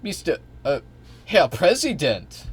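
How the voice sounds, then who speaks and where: A man's voice: a little high, very animated, breathy edge, pitched above the performer's own voice, heavily acted. A man putting on a mock German accent to play a fawning middle-aged chancellor who agrees with everything. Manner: sycophantic, drawn-out agreeing.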